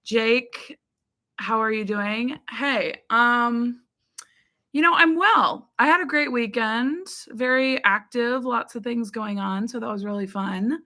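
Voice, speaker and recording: Bright-voiced woman chatting on a live stream. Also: on the high side, slow pace. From United States. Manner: chatty, frequent ums, greets viewers by name. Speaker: livestream host. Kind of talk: casual live chat reading comments.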